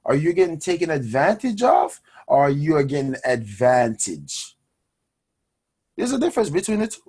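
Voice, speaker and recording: A man hosting a personal finance show, talking to his audience in an energetic, preachy way and calling them guys. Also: a little high, normal speed, breathy edge. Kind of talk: energetic motivational money talk.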